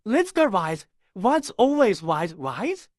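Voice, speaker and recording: A woman's voice: medium pitch, very animated, slow, a little mellow, no echo, studio quality. A woman doing a drunk, slurring cat-folk monk. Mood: lazy. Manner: smug, careless.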